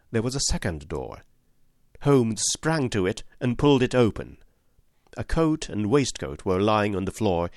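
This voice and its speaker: A man narrating a classic story in an expressive, dramatic reading style. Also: on the low side, no room sound, studio quality. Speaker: audiobook narrator.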